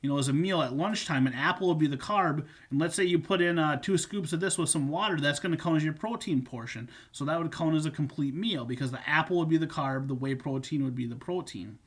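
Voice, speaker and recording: A man's voice: on the high side, fast, few pauses, fairly bright tone, breathy edge. A man coaching viewers on supplements and nutrition, talking casually and repeating his points with fillers. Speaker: fitness coach. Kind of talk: instructional talk on supplements.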